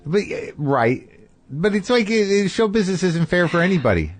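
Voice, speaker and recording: A man's voice: sits high, very animated, moderate pace. Conversational male podcast host. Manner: conversational, frequent short affirmations. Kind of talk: casual interview. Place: garage studio.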